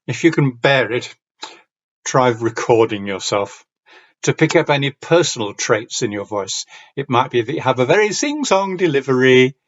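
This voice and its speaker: Man giving a measured talk on reading aloud. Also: mid-range voice, animated, lo-fi sound. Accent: Yorkshire. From Yorkshire, northern England. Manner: measured, clear diction, storytelling lilt. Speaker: conference speaker on reading aloud. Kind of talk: lecture with read-aloud examples.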